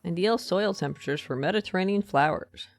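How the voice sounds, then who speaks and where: Gravelly streamer thinking aloud. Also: medium pitch, brisk, dry recording. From United States. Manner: chatty, thinks aloud and reads game text aloud. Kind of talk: live gaming commentary.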